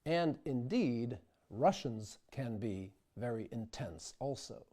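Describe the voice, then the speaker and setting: A man narrating a diction lesson at an unhurried, deliberate pace. His voice is mellow and dark. He stops to sound out example words carefully. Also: mid-range voice, lively intonation. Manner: measured, demonstrates word pronunciations. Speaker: diction instructor. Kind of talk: scripted instructional narration.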